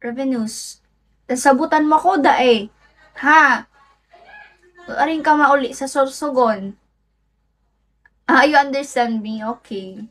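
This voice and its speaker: High-voiced, unhurried Filipino young woman. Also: a bit bright. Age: young adult.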